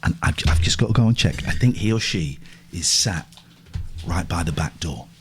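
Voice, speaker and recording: A man hosting a call-in radio show in casual chat, sometimes whispering softly and out of breath. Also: low voice, animated, normal speed, slight background noise, poor audio. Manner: whispers and coos softly to an animal in the garden. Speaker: radio host.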